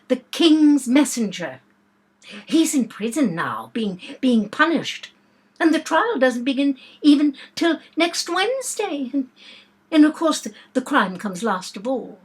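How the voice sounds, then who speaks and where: A woman reading aloud and voicing a fussy, scatterbrained old queen who rambles and shrieks in a high, squeaky wail. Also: very animated, slow, slightly rough, heavily acted. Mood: airy, rambling. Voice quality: high, wailing, squeaky when upset.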